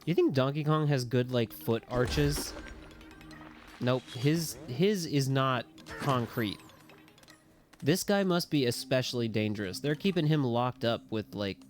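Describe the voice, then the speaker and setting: A man's voice: medium pitch, unhurried, faint music behind. Rambling, joking man streaming a game. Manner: rambling, joking, swears casually. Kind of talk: casual gameplay commentary.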